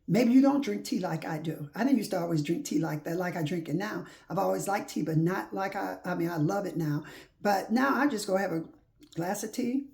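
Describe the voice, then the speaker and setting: A woman speaks in a mellow, gravelly voice, preaching informally to her listeners. She urges them on with folksy phrasing and keeps circling back to the same pointed questions. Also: lowish voice, fairly quick. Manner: exhorting, repeats rhetorical questions. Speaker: faith-based motivational speaker.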